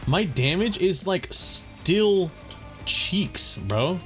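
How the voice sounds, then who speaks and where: A man's voice: sits high, big pitch swings, drawn-out words, music in the background. A young man hosting a gaming channel, chatting casually and profanely over gameplay, rambling and correcting himself as he goes.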